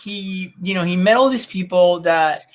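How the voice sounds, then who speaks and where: A man's voice: sits high, normal speed. Male co-host, casual and profane, filler-heavy chat. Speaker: podcast co-host.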